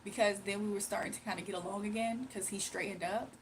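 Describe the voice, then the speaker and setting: A young woman livestreaming rambles casually through a personal story in a slangy, confiding way, sounding sleepy and tired. Her mid-range voice moves at a quick pace with fairly even intonation, on a low-quality recording with slight background noise.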